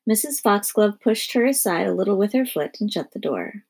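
A woman narrating a children's storybook in a lively storytelling manner. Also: medium pitch, normal speed, gravelly, slightly rough.

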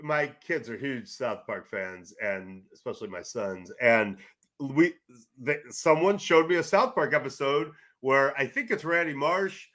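A middle-aged man from California, a sports journalist and guest, telling loud, rambling stories in casual podcast chat. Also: medium pitch, measured pace. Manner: animated storyteller, loud, rambling with restarts.

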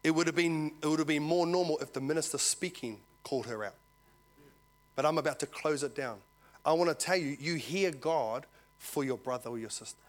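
A man's voice: a little high, fairly quick. A male pastor, preaching a sermon to his church, telling a story and acting out the voices in it. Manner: animated storytelling, acts out dialogue, asks congregation "Amen?".

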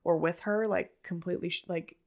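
A woman's voice: fairly low pitch, steady tone, fairly quick, gravelly, a little mellow. A woman in casual chat retelling scenes from a TV episode, full of "like" fillers and quoted lines.

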